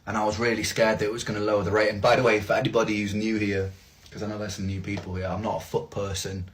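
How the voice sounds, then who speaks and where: A man's voice: fairly low pitch, flat delivery, quick pace. A man talking casually to viewers in a wry, self-mocking way, swearing freely. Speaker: streamer in a played clip.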